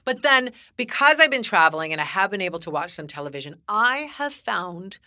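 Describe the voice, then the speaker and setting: A middle-aged woman co-hosting a podcast, chatting casually in an animated, teasing way. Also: medium pitch, brisk, dry recording, clean studio sound. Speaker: podcast co-host. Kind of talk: casual chat.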